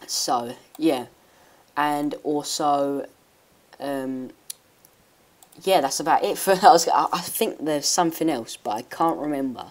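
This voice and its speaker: A woman giving a rambling, hesitant software tutorial with many restarts. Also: deep voice, slow pace. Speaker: tech YouTuber. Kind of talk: screen-recording software tutorial.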